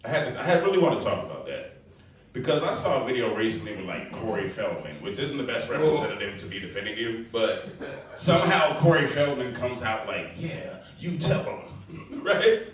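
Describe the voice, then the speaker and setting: A man's voice: mid-range voice, very animated, a little fast. Loose, joking stand-up man in a club. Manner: loose, crowd-baiting, laughs at own jokes. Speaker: stand-up comic. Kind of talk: stand-up set at open mic. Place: small comedy club. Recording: echoey room from far off, faint hiss.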